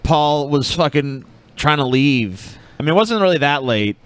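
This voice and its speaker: Podcast host, male, a little high-pitched, dry close sound, swears a lot while telling stories. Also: measured pace, smooth, no echo. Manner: profane storytelling, animated quotes. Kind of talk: casual chat.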